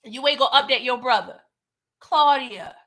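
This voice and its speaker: A woman with a bright, fairly high voice talks straight to her live chat as she recaps a TV episode. She is animated and acts out the characters' lines as she goes. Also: normal speed, faint music behind. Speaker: TV show recap host.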